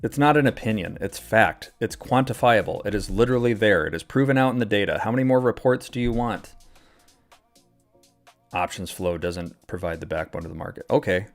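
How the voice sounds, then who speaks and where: Gravelly-voiced man, profane livestream rant. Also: lowish voice, a little fast, faint music behind. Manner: ranting, profane and exasperated; casual, filler-heavy talk. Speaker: trading livestream host. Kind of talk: live-stream market commentary.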